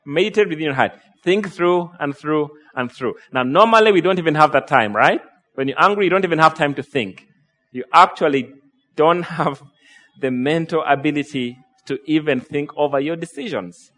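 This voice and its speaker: A man's voice: a little high, fairly bright tone. A man preaching a sermon in a conversational style, often asking rhetorical questions. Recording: long hall reverb.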